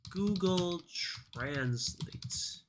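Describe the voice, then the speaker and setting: A man's voice: high voice, expressive, extremely slow, noisy background. A man streaming live from his computer, talking casually as he looks things up, swearing and laughing at himself as he rambles.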